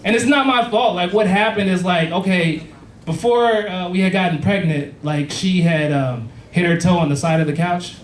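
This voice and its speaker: A man's voice: high-pitched, normal speed, recorded from a distance, noisy background. A man in his thirties doing a stand-up comedy set on a club stage, rambling and crude in a conversational way. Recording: echoey club, heard from afar, loud crowd.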